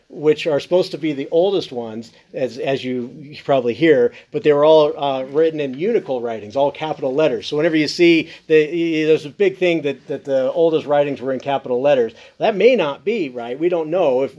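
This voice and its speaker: An earnest man explains scripture in relaxed teaching talk, his voice sitting a little high for a man. He stumbles often, with plenty of fillers and restarts, but keeps pressing on with his point. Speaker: Bible commentary author.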